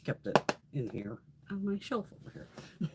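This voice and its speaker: A woman's voice: sits low, sing-song, a little slow, heavy background noise. A middle-aged woman hosting a beauty livestream, chatting casually with viewers, swearing freely and laughing often.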